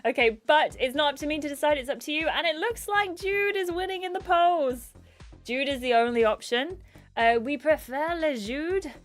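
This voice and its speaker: A bubbly woman gives casual livestream commentary, thanking her chat over and over. Her voice is high, and faint game music plays under her. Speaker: gaming streamer.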